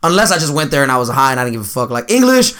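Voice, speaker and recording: A young man in casual chat, laid-back and quick to laugh, swearing freely. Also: medium pitch, very animated, a bit bright.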